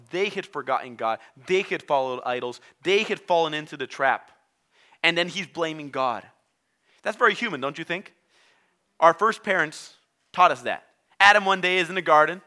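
Non-native english preacher guy, higher voice, acts out the stories as he preaches. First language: not English. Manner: animated storytelling, acting out characters. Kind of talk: sermon.

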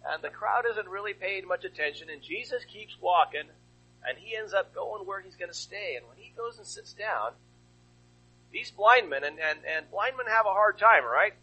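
Animated, husky-voiced male preacher. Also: sits high, normal speed, poor audio. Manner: rhetorical questions, animated storytelling. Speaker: pastor. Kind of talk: sermon.

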